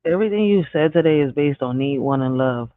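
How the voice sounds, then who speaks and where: Male stream host, relaxed, reads chat, slightly higher voice, dry lo-fi audio. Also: a little fast, no room sound. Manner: laid-back, reads out chat comments. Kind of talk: casual live-stream hosting.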